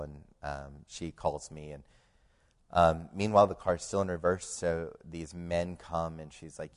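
A man telling his family's story as a personal faith testimony, halting with many fillers and growing much quieter in the tense parts. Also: very deep voice, steady tone.

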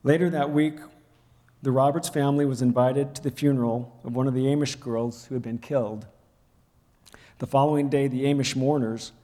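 A man preaching a sermon, telling a personal story and acting out the raised voices in it. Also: medium pitch. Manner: storytelling, acts out quoted shouting. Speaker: pastor. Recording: long hall reverb.

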